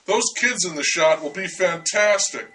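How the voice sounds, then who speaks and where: A man's voice: high-pitched, expressive, normal speed, sharp tone, recorded from a distance. A man voicing a scheming male TV reporter who talks in a wheedling, scornful way. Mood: pushy.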